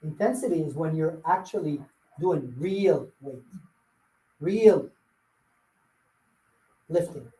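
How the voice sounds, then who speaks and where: A man's voice: fairly high pitch, expressive, slow, pauses often, mellow, roomy sound, rough recording. A man leading a live sales coaching workshop, blunt and firing rhetorical questions at his audience. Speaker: real estate sales trainer.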